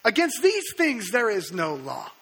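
A man's voice: sits high, huge pitch swings, measured pace, gravelly, a bit bright, husky. A male pastor preaching a sermon, retelling scripture in a casual, conversational way with colloquial asides, in a church sanctuary. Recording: echoey hall reverb.

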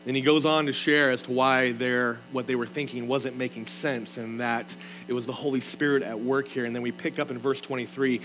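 A man's voice: medium pitch, steady tone, a little fast, a bit bright, soft background music, low-quality recording. A man preaching a sermon in an earnest, emphatic way, reading scripture aloud and explaining it. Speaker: pastor.

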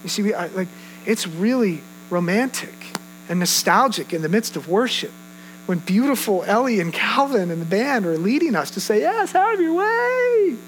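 High-voiced pastor, animated storytelling. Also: male voice, normal speed, a little hiss or hum, poor audio. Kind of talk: sermon.

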